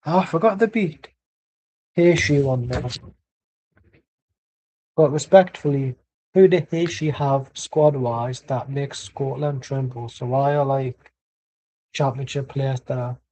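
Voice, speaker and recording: A man's voice: mid-range voice, dark tone, low-quality recording. A man doing casual live match commentary from home, rambling and blunt with plenty of swearing. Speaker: watchalong streamer.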